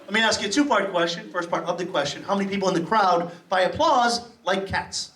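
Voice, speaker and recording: A man's voice: high-pitched, brisk. Man, middle-aged, from Massachusetts, stand-up comic, profane, echoey club, noisy crowd. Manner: brash, profane, rowdy crowd work. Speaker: stand-up comedian. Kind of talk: stand-up comedy set. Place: comedy club stage. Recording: distant, roomy club recording with loud crowd noise. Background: audience laughing and applauding.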